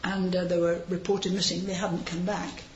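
A woman's voice: on the low side, flat delivery, normal speed, a little hiss or hum. A woman giving an informal sermon, chatty and anecdotal, with frequent asides, recorded in a large hall. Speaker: preacher. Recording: roomy, slightly dull hall recording.

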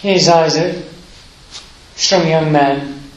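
A man's voice: a little high, fairly even intonation, roomy sound, muffled recording. A man preaching a sermon, reading scripture aloud and explaining it with hesitant fillers, moved by the story. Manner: unhurried, emotional, with hesitant fillers.

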